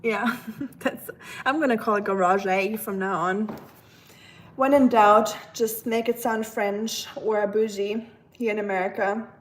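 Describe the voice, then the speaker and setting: She's a woman from Germany, speaking with a German accent as she cooks in her kitchen and chats loosely with live-stream viewers, addressing the chat as she rambles. Her medium-pitched voice stays fairly even and unhurried.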